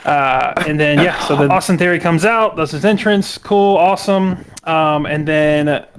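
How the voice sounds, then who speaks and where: A man's voice: a little high, moderate pace, a little hiss or hum. A young man co-hosting a casual podcast, recapping at length with lots of fillers and restarts. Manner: recaps at length with many fillers and acted-out quotes. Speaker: co-host.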